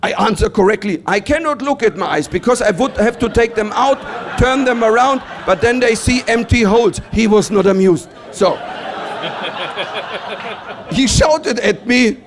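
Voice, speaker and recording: A Bavarian man with a German accent performs stand-up comedy as an animated storyteller, acting out other people's lines in a high-sitting voice at an unhurried pace.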